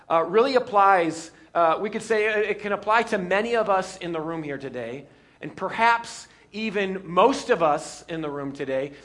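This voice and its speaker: A male pastor preaching a sermon with a bright, high-pitched voice. He keeps the congregation amused with jokes and acts out scenes as he goes. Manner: lively, joking, acts out scenes.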